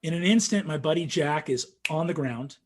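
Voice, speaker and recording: Man, fairly high voice, husky, animated storyteller, lots of ums, casual chat. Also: normal speed. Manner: animated storytelling, acts out quotes, frequent fillers. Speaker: guest telling a story. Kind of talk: casual anecdote in a conversation.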